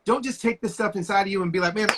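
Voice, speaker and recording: A man's voice: high voice, very fast, background noise. A man in his forties, a guest on a video call, telling stories with passionate, preacher-like energy. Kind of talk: casual conversation.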